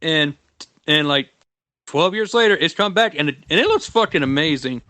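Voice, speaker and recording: A man on a podcast talking in a casual, excitable, mocking rant. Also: fairly high pitch, moderate pace. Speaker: podcast regular. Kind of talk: casual chat.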